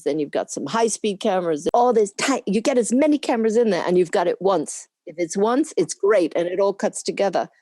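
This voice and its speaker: A woman's voice: mid-range voice, dark tone, dry recording, studio quality. An older woman, a camera assistant being interviewed, talking casually and rambling on with frequent laughs. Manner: chatty, rambling, laughs often.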